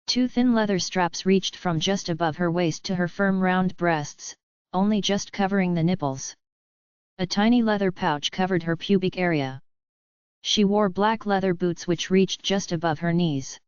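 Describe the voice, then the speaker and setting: Lady reading an audiobook, smooth voice, kinda muffled dry sound. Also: lowish voice, moderate pace, dry recording. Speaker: audiobook narrator. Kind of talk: scripted first-person narration. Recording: dull lo-fi dry audiobook recording.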